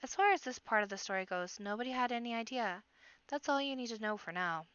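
A woman reading as a jolly old rabbit bard, a greedy storyteller full of folksy exclamations from a storybook. The voice is smooth and clear, close and dry, with a slightly muffled sound. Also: fairly high pitch, lively intonation, fast talker, fairly bright tone, no room sound.

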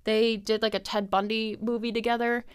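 Her voice is a little high and level, clean in tone, at a moderate pace. This twenty-something podcast host rambles through casual conversation, laughing often and leaning heavily on fillers.

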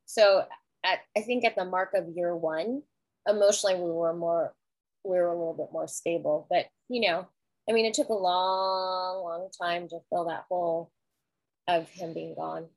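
A woman's voice: on the low side, steady tone, normal speed, no echo, rough recording. A middle-aged woman talking earnestly and reflectively in a casual conversation, with frequent restarts. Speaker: guest sharing grief experience.

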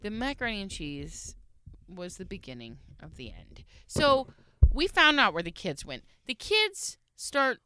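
Thirties woman, podcast co-host, animated raconteur who voices everyone in her story, bright tone. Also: medium pitch, a little slow, clean tone, dry recording. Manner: animated storyteller who acts out quoted lines. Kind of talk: casual chat, telling an anecdote.

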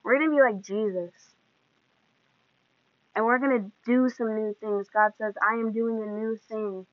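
A woman's voice: on the high side, steady tone, measured pace, dry recording. A woman hosting a podcast, giving an earnest, emotional devotional talk in a preaching manner. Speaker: podcast host. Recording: dull lo-fi dry sound.

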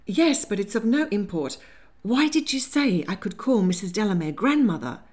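A woman's voice: mid-range voice, animated, moderate pace, a little mellow, lightly acted. A woman voicing a spirited, slightly tipsy young Regency lady who is easily flustered. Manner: flustered, indignant, a little giddy.

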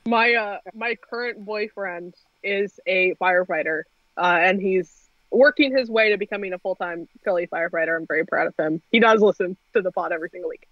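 A woman's voice: mid-range voice, fairly quick, no echo, muffled recording. A young woman co-hosting a casual podcast, telling stories with lots of laughter. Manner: animated storyteller, laughs often. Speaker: podcast co-host.

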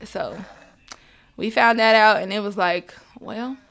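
Young woman guest, bright voice, lively storyteller who acts out every quote, as a mother recounting a hard time. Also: mid-range voice, unhurried, gravelly, clear, resonant tone. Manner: animated, acts out quoted dialogue, laughs often. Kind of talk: emotional personal storytelling.

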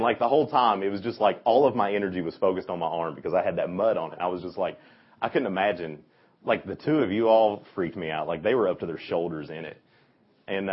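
A man teaching a youth Bible lesson, telling the story in an animated way and acting out the voices of its people. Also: lowish voice, breathy edge. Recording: dull lo-fi recording.

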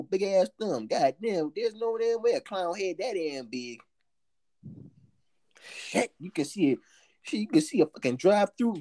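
A young woman co-hosting a casual podcast, telling stories in a loud, profane, animated way. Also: mid-range voice, dry recording. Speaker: podcast co-host.

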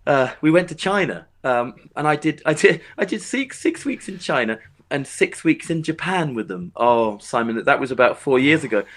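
A man's voice: medium pitch, lively intonation, moderate pace, fairly bright tone. A man who plays music, chatting as an interview guest, rambling with lots of restarts and fillers. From England. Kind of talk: casual interview chat.

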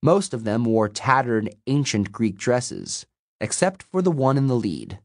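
A man narrating a fantasy novel as an audiobook, in a measured storytelling manner. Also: mid-range voice, lively intonation, no room sound, clean studio sound. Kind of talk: scripted narration.

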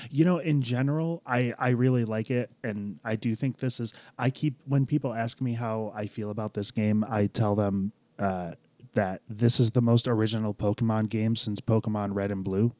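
A man co-hosting a casual podcast chat, cracking quick jokes and laughing often. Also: on the low side, steady tone, dark tone, no echo. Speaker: podcast co-host.

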